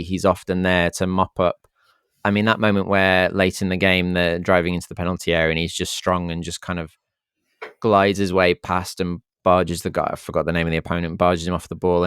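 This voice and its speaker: Deep-voiced man chatting football. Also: smooth, no room sound, clean studio sound. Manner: rambling, restarts often. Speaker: podcast co-host. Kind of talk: casual football chat.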